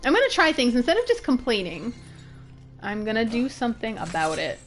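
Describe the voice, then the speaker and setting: Young woman rambling over a game stream, lively up-and-down voice, bit high, light music behind. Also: a little fast. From northern United States. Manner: chatty, laughing, thinking aloud while puzzled. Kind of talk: casual gameplay commentary.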